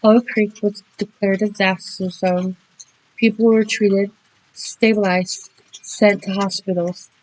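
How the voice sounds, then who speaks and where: A woman narrating a horror story dramatically, speeding through action and slowing for suspense. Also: mid-range voice, little pitch movement, darkish tone, dry recording, poor audio.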